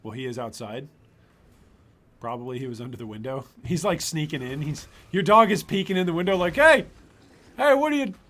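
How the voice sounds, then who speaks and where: A man's voice: mid-range voice, fairly even intonation, fairly quick, fairly bright tone. A man streaming a video game, chatting playfully with his viewers as he plays. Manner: chatty, playful, joking with chat. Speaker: gaming streamer. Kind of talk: casual gameplay commentary.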